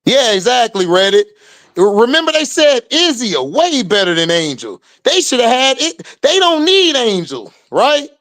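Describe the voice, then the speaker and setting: A man's voice: very high voice, sing-song, normal speed, a bit bright. A man hosting a livestream, casually commenting and reacting to chat, drawling and laughing often in slangy talk. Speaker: livestream host.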